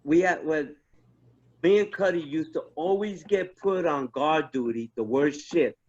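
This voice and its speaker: A man, an army veteran, telling stories in a casual chat, animated and profane, restarting his sentences often. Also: fairly high pitch, unhurried. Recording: dull lo-fi sound.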